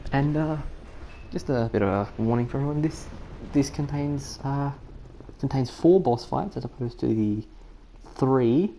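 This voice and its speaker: A woman's voice: rumbling low, moderate pace, mellow, a little hiss or hum. A woman commenting on her own gameplay in a rambling, self-mocking way, repeating herself and putting on an accent. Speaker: gaming channel host.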